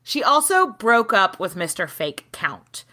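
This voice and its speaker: A woman co-hosting a casual history podcast, telling the story with lively acted-out quotes and casual swearing. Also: medium pitch, measured pace. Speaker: podcast co-host.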